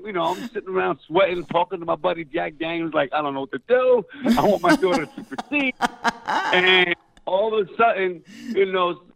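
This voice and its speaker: Speaking high with vocal fry, a middle-aged actor guest recounts a story in a relaxed interview, animated and loudly performing the voices he quotes. There is no echo, though the line sounds tinny, like a phone.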